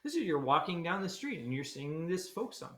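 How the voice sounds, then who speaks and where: A man's voice: fairly high pitch, very animated, fairly quick, a bit bright. A man leading a livestreamed conducting lesson, explaining the score, singing rhythms on syllables and greeting viewers. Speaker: military band conductor. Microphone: computer camera mic. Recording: roomy echo.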